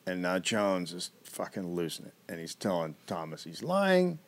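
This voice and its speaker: A man's voice: low-pitched, very animated, moderate pace, few pauses. A man co-hosting a comedy podcast, casually retelling a historical story with wry asides.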